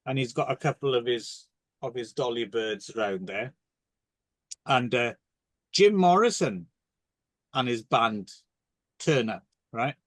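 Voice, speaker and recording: A man's voice: medium pitch, dry recording. A man co-hosting a casual film podcast, rambling and joking through crude anecdotes. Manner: rambling, jokey, tells crude anecdotes with restarts. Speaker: podcast co-host.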